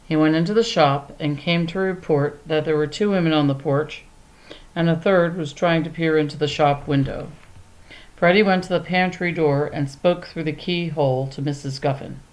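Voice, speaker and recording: A woman reads a children's chapter book aloud in a calm, measured voice. Her tone is low and steady throughout. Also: low-quality recording. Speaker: audiobook narrator. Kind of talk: storybook narration.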